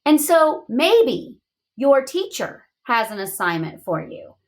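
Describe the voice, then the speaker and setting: A woman teaching young children in a read-aloud lesson, asking questions in an expressive, encouraging way. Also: sits high, takes it slowly.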